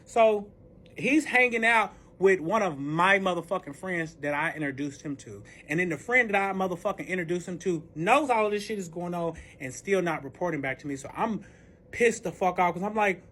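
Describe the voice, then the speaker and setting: A man telling a dramatic personal story in a storytime vlog, animated and full of profanity. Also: sits high, normal speed. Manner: heavy profanity, animated retelling.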